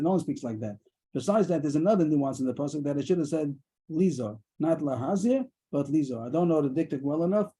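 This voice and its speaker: A man teaching a daily Talmud class over a video call, explaining quickly and mixing in Aramaic terms. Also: fairly high pitch, mellow, husky, low-quality recording.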